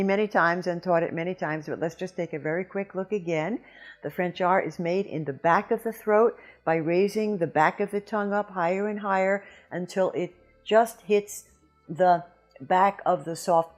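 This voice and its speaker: A woman giving a scripted pronunciation lesson, slowly and carefully demonstrating each sound. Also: on the low side. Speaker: pronunciation teacher.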